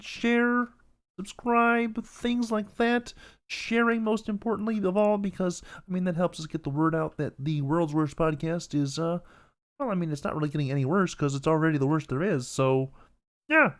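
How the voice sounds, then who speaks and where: Male host doing a goofy frog-puppet voice, raised and bright, halting and rambling. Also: high-pitched, voice pushed up. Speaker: podcast host.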